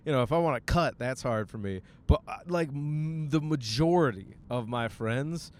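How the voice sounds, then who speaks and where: A man's voice: mid-range voice, animated, normal speed. A man hosting a podcast, rambling casually from his car as he drives. He makes self-mocking jokes and swears a lot. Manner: jokey and self-mocking, with frequent swearing and silly voiced asides. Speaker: podcast host. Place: in a car while driving.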